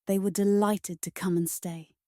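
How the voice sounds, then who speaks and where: A woman narrating a children's storybook in a gentle, measured read-aloud manner. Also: medium pitch, steady tone, no room sound, clean studio sound.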